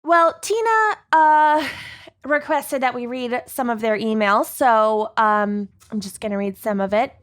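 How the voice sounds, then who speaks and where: Chatty higher-voiced woman co-host. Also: measured pace, a bit bright. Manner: chatty, loose, swears casually. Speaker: podcast co-host. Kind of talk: casual chat.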